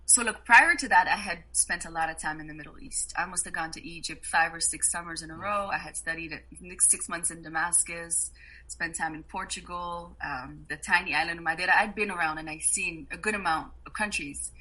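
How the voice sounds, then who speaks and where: A woman guest on a podcast, telling travel stories in a casual, animated way and laughing often. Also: lowish voice, brisk, low-quality recording. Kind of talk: casual storytelling.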